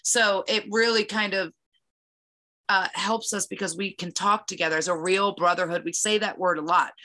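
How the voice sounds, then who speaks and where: A woman's voice: mid-range voice, steady tone, normal speed, bright, forceful tone. A woman co-hosting a chat show, speaking in an earnest, reflective way. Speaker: podcast co-host. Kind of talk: casual chat.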